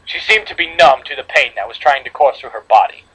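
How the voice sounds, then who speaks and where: A man's voice: medium pitch, lively intonation, fast, bright, forceful tone, breathy edge, poor audio. A man reading a horror fan story aloud to friends, dramatic, with slips and re-reads. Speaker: story reader.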